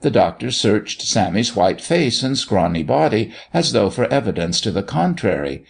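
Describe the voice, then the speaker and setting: Give me a man reading a story aloud, husky, with a lively rising and falling delivery. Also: lowish voice, normal speed. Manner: expressive storytelling. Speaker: narrator. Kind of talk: scripted narration of a story.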